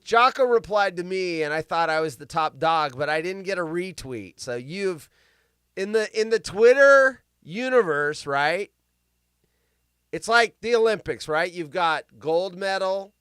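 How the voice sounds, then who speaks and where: A bright, lively man hosts a live show in loose, rambling chat. His voice jumps high and loud when he gets worked up. It sounds smooth and dry, close to the mic. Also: unhurried, no echo. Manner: loud, rambling, bursts into yelling. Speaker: podcast host. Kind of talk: casual live-stream chat.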